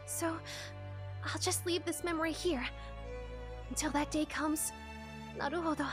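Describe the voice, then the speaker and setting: A woman's voice: sits high, steady tone, soft background music, voice pushed up. A woman voicing a tender young woman's farewell. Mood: wistful. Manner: soft, slow and tender. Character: gentle young woman saying a wistful farewell.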